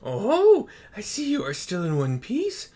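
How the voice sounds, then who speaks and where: A man voicing a jovial old male turtle spirit, loud and hearty. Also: sits high, huge pitch swings, unhurried, pitched above the performer's own voice, full character voice.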